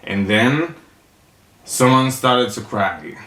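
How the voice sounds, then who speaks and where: A comedian telling stories in a campy, sassy stand-up monologue, acting out the people in them. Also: male voice, medium pitch, expressive, takes it slowly, bright, forceful tone. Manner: campy, sassy storytelling with acted-out quotes. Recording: roomy echo.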